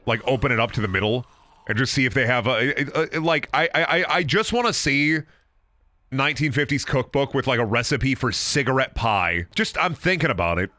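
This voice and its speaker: A man's voice: mid-range voice, lively intonation, a little fast, bright, forceful tone, no echo. A young man chatting casually on a gaming livestream, rambling and joking, often restarting his sentences. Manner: rambling, self-interrupting, joking. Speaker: streamer.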